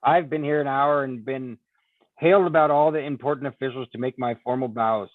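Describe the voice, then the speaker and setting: A man reading aloud and voicing a frank, lively young heiress in a raised, brighter tone. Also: medium pitch, fairly quick, dry recording, lightly acted. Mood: eager. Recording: tinny phone-like line, dry.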